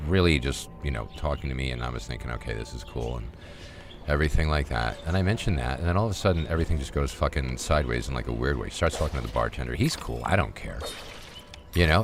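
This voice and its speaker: A man's voice: extremely low pitch, a little hiss or hum. A middle-aged man streaming a game, telling a rambling story casually with lots of swearing and fillers. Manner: rambling, profane, full of fillers. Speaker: gaming streamer.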